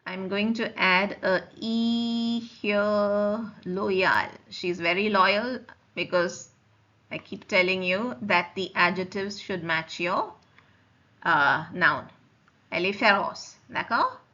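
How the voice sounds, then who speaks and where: A woman lectures as a French teacher, speaking slowly and patiently. She repeats each form and keeps checking that her students follow. Her voice is bright and the recording sounds muffled and lo-fi. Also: mid-range voice. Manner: slow and explanatory, repeats forms and checks understanding. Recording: dull lo-fi recording.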